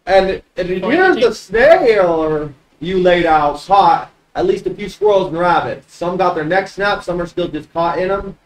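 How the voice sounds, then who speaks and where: Lively, casual game master. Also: mid-range voice, a little slow, few pauses, recorded from a distance, low-quality recording. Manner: casual, rambling narration. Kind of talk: narrating a tabletop game.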